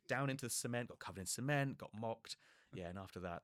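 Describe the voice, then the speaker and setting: A young man on a podcast, telling self-mocking work stories in a casual, animated way and swearing freely. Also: quick pace, dry recording, studio quality. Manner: acts out quoted people with pitch jumps. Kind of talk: casual comic storytelling.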